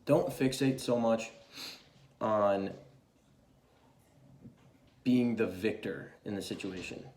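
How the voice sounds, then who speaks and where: A man's voice: lowish voice, takes it slowly, a little mellow. Casual swearing man in a roomy space. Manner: loose and chatty, swears freely, many fillers. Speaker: tarot reader. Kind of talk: casual spoken tarot reading.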